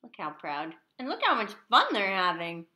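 A woman reading a children's picture book aloud in an animated, expressive way. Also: medium pitch, moderate pace, background noise. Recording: echoey room.

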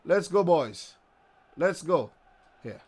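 A man's voice: fairly high pitch, expressive, slow pace, darkish tone, breathy edge. A man giving exasperated, repetitive live commentary while playing a football video game. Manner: exasperated ranting, repeats phrases. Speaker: gaming video creator.

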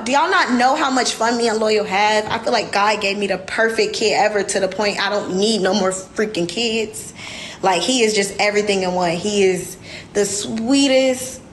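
Young woman, candid livestream chat, faint background noise. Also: mid-range voice. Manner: candid, emotional, addresses viewers as y'all. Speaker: livestream host.

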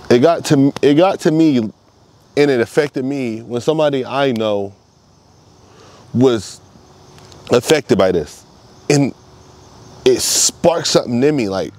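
A man's voice: mid-range voice, darkish tone. A man talking straight to camera in a casual monologue, swearing a lot and repeating himself for emphasis. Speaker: vlogger.

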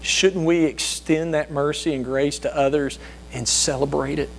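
A man's voice: steady tone, normal speed, creaky, a little hiss or hum. A man preaching a sermon who slips into whiny, self-righteous voices for the people he describes. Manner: acts out whiny self-righteous voices, rising high when mimicking.

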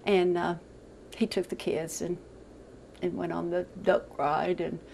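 An older woman giving a halting, emotional account in a news interview, often repeating words as she goes. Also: lowish voice, flat delivery, vocal fry, darkish tone, a little hiss or hum, rough recording.

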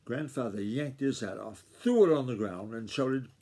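A man reading a novel aloud to his family in a steady storytelling voice, with small slips now and then. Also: medium pitch, moderate pace, husky.

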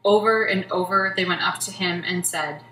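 Woman scripture narrator, bright tone, lower pitch, far mic in a roomy church. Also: moderate pace. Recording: roomy church from a distance, faint noise.

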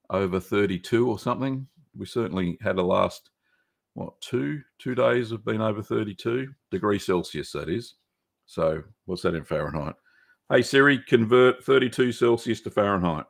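A man's voice: on the low side, moderate pace, vocal fry. An Australian man hosting a live stream, answering viewer questions in a rambling, easygoing way with many fillers. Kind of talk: casual live-stream chat.

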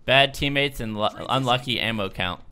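A young man giving excitable live commentary over his shooter gameplay, yelping and groaning at every setback. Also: medium pitch, moderate pace, smooth. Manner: excitable, yelps and laughs when things go wrong. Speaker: gaming YouTuber. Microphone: desk microphone at a gaming setup.

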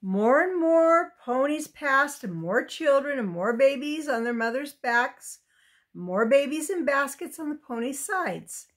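A woman reading a children's chapter book aloud with gentle asides for young listeners. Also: high-pitched, animated, measured pace. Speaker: reader.

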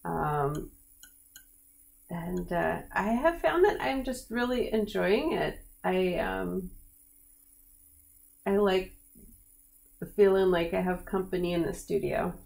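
Creaky-voiced woman painting live. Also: fairly low pitch, slow, long pauses. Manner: relaxed, chatty, many fillers. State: slightly cracky voice. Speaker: painting instructor. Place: painting studio.

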